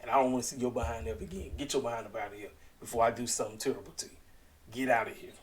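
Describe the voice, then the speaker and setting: A man's voice: medium pitch, fairly even intonation, racing, natural voice. A man quoting a furious wrestler. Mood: threatening.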